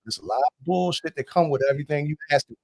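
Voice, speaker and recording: A man's voice: a little high, lively intonation, quick pace, a little mellow, breathy edge, dry recording. A man, a guest on a casual chat show, talking laid-back and chuckling easily.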